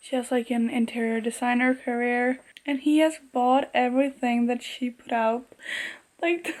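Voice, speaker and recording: Book vlogger, woman, slightly high voice, gushy and excitable, laughs a lot. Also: normal speed. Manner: gushing, excitable, laughs often. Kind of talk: casual reading reactions to camera.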